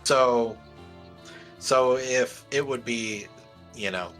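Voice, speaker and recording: A man playing in a tabletop game, chatting casually and joking in an unhurried way. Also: mid-range voice, a bit bright, faint music behind. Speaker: player.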